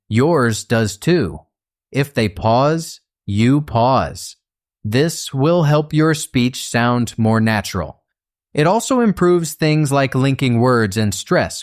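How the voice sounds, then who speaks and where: Slow, measured male narrator. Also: medium pitch. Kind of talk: scripted instructional narration.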